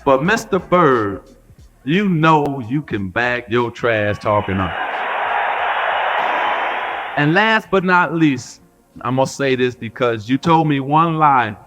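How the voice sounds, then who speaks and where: A man giving an animated storytelling speech as a retired player paying tribute, stretching words out for emphasis. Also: medium pitch. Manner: lively, drawn-out emphasis, jokes with the crowd. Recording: archive clip with faint music behind.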